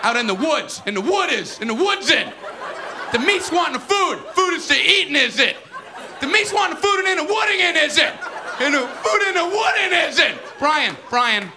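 A man impersonating a stand-up comedian's bit, playing a dim schoolboy with a goofy, drawn-out voice, over crowd noise. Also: very high-pitched, big pitch swings, voice pushed up, exaggerated voice.

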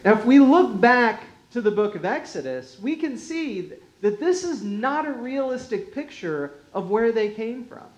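A pastor giving a sermon in a measured, unhurried way, often dropping softly in volume and chuckling lightly. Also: mid-range voice, very animated. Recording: roomy echo.

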